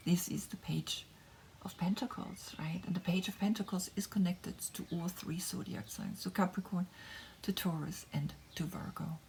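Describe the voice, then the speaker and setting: A woman giving a gentle tarot reading that is part guided meditation, talking softly, often slipping into a whisper, and checking in with frequent "right?". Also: lowish voice, fairly even intonation, normal speed, gravelly. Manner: soft, often drifting into a whisper; gentle, encouraging, with frequent tag questions. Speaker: tarot reader.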